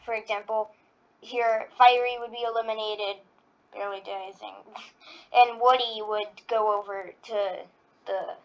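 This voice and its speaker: A woman's voice: mid-range voice, fairly even intonation, unhurried, lo-fi sound. A woman giving casual reaction-video commentary, rambling with lots of fillers. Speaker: video creator.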